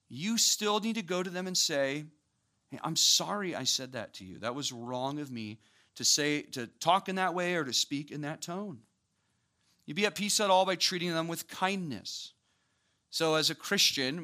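A young man preaching a sermon to a church audience, talking conversationally and building to animated emphasis. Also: a little high. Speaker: pastor.

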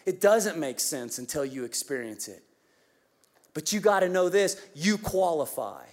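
A man preaching a Christmas sermon as pastor, telling a story with lively, animated delivery that drops to hushed tenderness. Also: a little high, a little slow.

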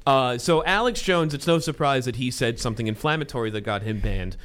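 A man's voice: medium pitch, brisk, fairly bright tone. A young man hosting a comedic podcast chat, sarcastic, sometimes slipping into a mock-newscaster delivery. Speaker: podcast host.

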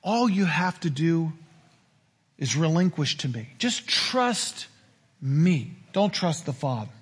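A man's voice: on the high side, animated, takes it slowly, breathy edge, heavily acted. A man voicing a scheming male devil who coaxes and tempts, in a reverberant hall. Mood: coaxing. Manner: coaxing, persuasive.

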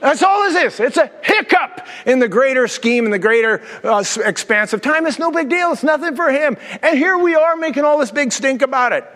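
A high-pitched male pastor preaches with energy, tossing out jokes and rhetorical questions. His voice rings through a large hall with a long reverb tail. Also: expressive, fairly quick, few pauses, fairly bright tone. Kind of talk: sermon.

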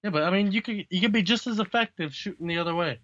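A man with a bright, mid-pitched voice recaps comic scenes in a relaxed, profane way. His mic sounds slightly dull and lo-fi, and the room is dry. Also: fast talker, no room sound. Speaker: comic book podcast co-host. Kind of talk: casual chat.

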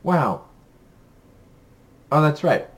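A man's voice: a little high, big pitch swings, extremely slow. A young man co-hosting a podcast in casual chat, rambling and upbeat with many ums. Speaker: podcast co-host.

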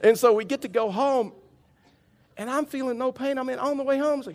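A man's voice: extremely high pitch, a little fast. A middle-aged male pastor preaching a sermon, mixing a humorous personal story with earnest teaching. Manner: storytelling, animated when telling the funny part, somber when preaching.

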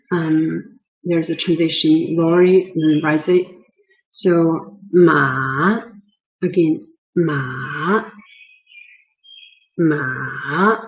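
Slow, careful language teacher. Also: medium pitch. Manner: slow and deliberate, with hesitant fillers. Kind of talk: explaining a language lesson. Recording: dull, lo-fi sound.

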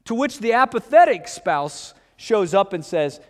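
A man preaching a sermon, acting out back-and-forth dialogue with lively swings in pitch and loudness. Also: unhurried, long reverb tail. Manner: animated, acts out dialogue with shifts in pitch and loudness. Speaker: pastor.

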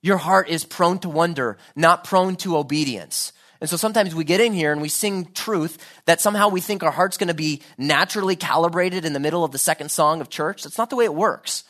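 A man's voice: on the high side, a little fast, few pauses, a bit bright. A man preaching a sermon, earnest and building to fervent pleading.

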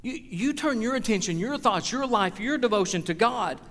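A man's voice: high voice, expressive, moderate pace, a bit bright. A man, preaching a sermon as pastor, earnest and building to emphatic exhortation. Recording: long reverb of a large hall.

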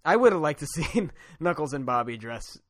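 A man's voice: a little high, very animated, moderate pace, no echo. A man co-hosting a podcast, retelling a comic story in casual chat, laughing often and loosely acting out the characters' lines. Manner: chatty, laughs often, acts out quotes loosely. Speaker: podcast co-host.

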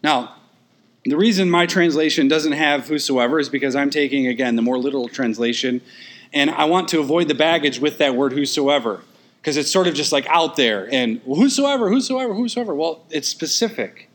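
A man preaching an expository sermon, emphatic and repeating key phrases, with quick asides and sudden pushes of emphasis. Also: mid-range voice, fairly bright tone.

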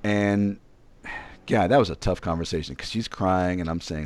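A man's voice: low-pitched, normal speed, darkish tone, dry recording. A man from Virginia telling a personal story in casual chat, rambling and self-deprecating, with frequent restarts. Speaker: podcast co-host.

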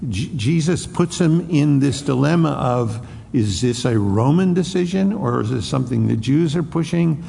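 A man preaching an expository sermon, acting out the Bible dialogue in a raised voice and dropping to a hushed tone on solemn lines. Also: mid-range voice, lively intonation, moderate pace, gravelly, slightly rough, long reverb tail. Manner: acts out the dialogue between Pilate and Jesus in a raised voice. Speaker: pastor.

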